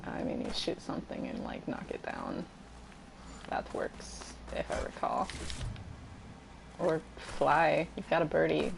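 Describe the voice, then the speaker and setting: A young woman streamer chats loosely over her gameplay, full of fillers and self-deprecating asides. Her voice is low with a gravelly edge, and her pitch moves in lively swings. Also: measured pace, long pauses, noisy background. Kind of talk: casual gameplay chat.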